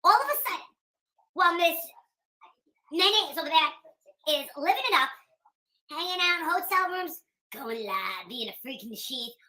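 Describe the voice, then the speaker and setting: A woman's voice: very high voice, sing-song, normal speed, long pauses, bright, forceful tone. A woman hosting a drama commentary stream, mocking and sarcastic as she talks about the people she criticizes. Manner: mocking, sarcastic, slips into taunting impressions. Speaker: commentary host.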